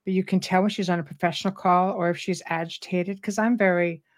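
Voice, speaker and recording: A woman's voice: on the low side, fast. Robust-voiced middle-aged woman host. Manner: robust, animated, laughs often. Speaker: radio show host. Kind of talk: casual live-show chat.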